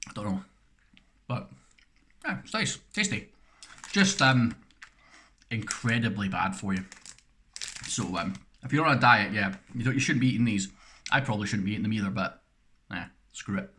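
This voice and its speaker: A man's voice: fairly low pitch, animated, moderate pace, pauses often, pushed and bright, a little hiss or hum. A man chatting casually in a snack review vlog, rambling and poking fun at himself between bites. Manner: rambling, self-deprecating chat while eating. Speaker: snack reviewer, channel host.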